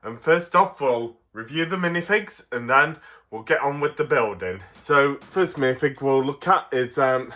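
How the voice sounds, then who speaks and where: Derbyshire man with a bright, forward voice, casual and giggly, unboxing toys on camera. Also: mid-range voice, lively intonation. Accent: Derbyshire English. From Derbyshire, England. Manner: chatty, chuckles often, halting with fillers. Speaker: toy reviewer.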